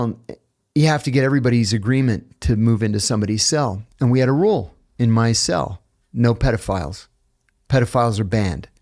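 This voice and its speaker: A man, a guest author, telling stories in casual chat, animated and blunt, with the odd curse. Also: medium pitch. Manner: animated, blunt, profane storyteller. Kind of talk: casual storytelling in a podcast chat.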